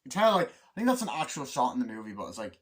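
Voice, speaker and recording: Rambling, excitable male movie reviewer. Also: mid-range voice. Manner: rambling, excitable, swears freely, acts out scenes in quick voices. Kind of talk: casual movie review vlog.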